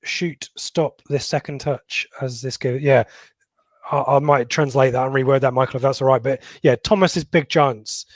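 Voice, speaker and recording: A man's voice: medium pitch, steady tone, no room sound. Middle-aged man hosting football chat. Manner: halting, lots of ums and restarts. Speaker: podcast co-host. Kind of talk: casual football chat reading live comments.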